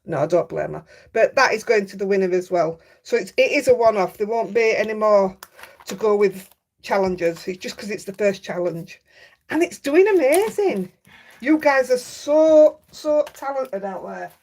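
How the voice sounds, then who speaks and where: A woman's voice: mid-range voice, animated, moderate pace, a little mellow. A woman with a Yorkshire accent hosting a craft livestream, chatting casually and reading out viewer comments. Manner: chatty, reads out viewer comments, laughs easily. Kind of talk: casual live chat.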